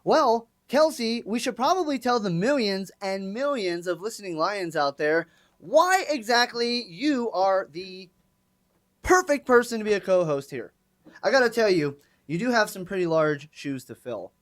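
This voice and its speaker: A young woman hosts a live college sports radio show from a campus studio. Her delivery is playful and hyped, with a pitch that swoops and jumps from line to line. Her middle-height voice keeps up a teasing back-and-forth with her co-host. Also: animated, measured pace.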